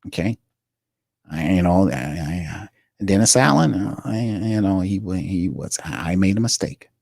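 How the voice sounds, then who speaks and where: A man's voice: low voice, lively intonation, normal speed, creaky, a little mellow, no room sound, studio quality, exaggerated voice. A man imitating a flustered male team executive who stammers, hesitates and mumbles through an apology. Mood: sheepish.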